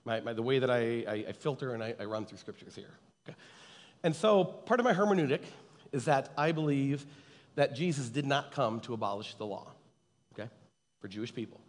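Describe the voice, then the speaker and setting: A man's voice: mid-range voice, fairly quick. A man preaching a conversational sermon to a live audience, chatty and teasing, always checking in with his listeners. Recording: long hall reverb.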